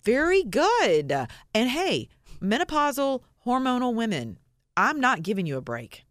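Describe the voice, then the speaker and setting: A woman's voice: a little high, very animated, normal speed, fairly bright tone, no room sound, studio quality. A woman co-hosting a radio talk show, bold and joking as she chats on air. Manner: bold, joking, laughs often. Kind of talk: casual on-air chat.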